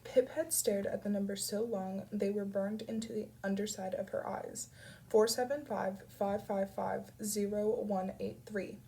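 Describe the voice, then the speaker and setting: A woman with a cold reading a novel aloud in a steady, quiet way. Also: mid-range voice, unhurried, low-quality recording. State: has a cold. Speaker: audiobook reader. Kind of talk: audiobook narration.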